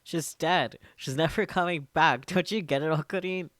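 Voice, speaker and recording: A man voicing a panicked, distraught young man in a visual novel, shouting frantically in a raised voice. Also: on the high side, normal speed, no echo, clean studio sound, voice pushed up, close to an everyday voice. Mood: anguished. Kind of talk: reading a visual novel aloud on stream.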